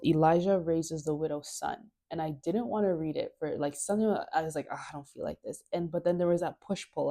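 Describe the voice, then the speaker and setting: Host, female, low pitch, mellow tone, casual and laughing, a bit under the weather. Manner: chatty, laughs often, swears, playful asides. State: sick. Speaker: host of a Bible study show. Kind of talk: casual Bible reading and chat.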